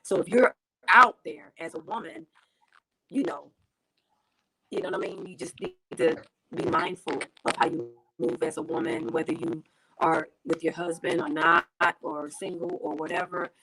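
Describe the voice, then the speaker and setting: A woman's voice: fairly low pitch, normal speed, creaky, a bit bright, low-quality recording. A woman from the United States, a guest on a video call interview, talking casually and repeating herself, with lots of "you know". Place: home in Tanzania.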